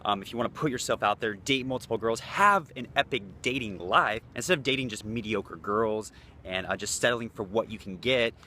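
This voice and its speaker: A man with a fairly low voice gives casual dating advice to camera. He talks in a loose, blunt way and swears freely. A faint hiss of room noise sits under his voice. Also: a little fast, pushed and bright. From United States. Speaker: dating coach. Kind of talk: casual talking-head vlog.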